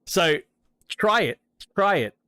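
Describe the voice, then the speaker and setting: A man's voice: high-pitched, animated, slow pace, sharp tone, clear, resonant tone, dry recording. An Australian man chatting casually as he streams a racing game, rambling with hesitations and restarts. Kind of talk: casual gameplay commentary.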